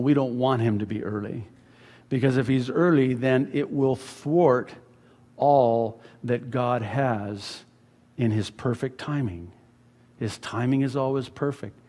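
Slow, emphatic preaching man in a reverberant church. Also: mid-range voice. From USA. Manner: swings from hushed to loud, emphatic preaching. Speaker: pastor. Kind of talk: expository sermon. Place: church sanctuary.

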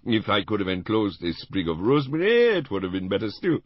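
Elderly detective, theatrical, precise, read by a man, lively, dry sound. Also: lowish voice, brisk, no room sound, highs cut off, pitched above the performer's own voice. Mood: teasing. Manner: precise, theatrical, with French phrases. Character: fussy elderly male Belgian detective, playful.

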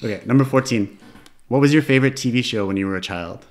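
A man's voice: medium pitch, quick pace. Male podcast host, list-reading interviewer, easygoing. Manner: reading numbered questions, brief friendly replies. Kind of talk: casual interview questions.

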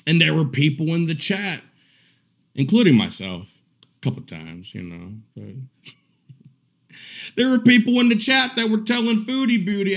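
Very animated and speaking at a moderate pace, this stream host delivers profane live commentary that's mocking and crude. He's a man who chuckles at his own jabs, alternating between muttering low and ranting loudly in indignation.

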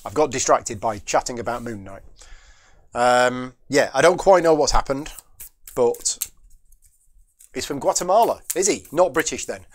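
Man of middle pitch, board game host talking himself through each move. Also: a little slow, pauses often. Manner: muses aloud, questions and answers himself; chats with viewers between moves. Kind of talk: solo board game playthrough, thinking aloud.

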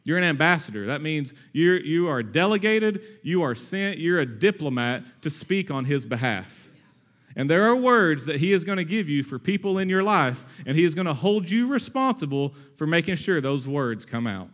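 A man in his thirties preaching a sermon in a conversational, energetic way, with asides and humor. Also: on the high side, moderate pace. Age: 30s. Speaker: pastor.

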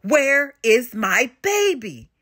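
Woman reading as a giant mama, slow and soothing, kinda high and bright. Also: animated, exaggerated voice. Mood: tender. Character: huge, gentle mother giant.

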